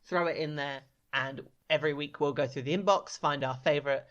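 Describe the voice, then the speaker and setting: A man from England with a slightly high, bright, crisp voice co-hosts a casual podcast. He is playful and upbeat, and he teases his co-host. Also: fairly quick, muffled recording. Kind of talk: casual chat.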